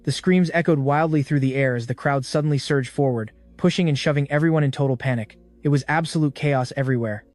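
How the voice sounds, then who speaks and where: A man's voice: medium pitch, quick pace, few pauses, darkish tone, no room sound. Man narrating a story over faint music.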